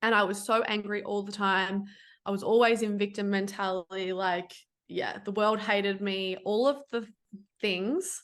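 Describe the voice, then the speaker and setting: A woman's voice: medium pitch, fairly even intonation, measured pace, a bit bright. A woman who works as an online fitness coach, talking candidly and bluntly as a podcast guest, swearing freely and using lots of fillers. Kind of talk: casual interview chat.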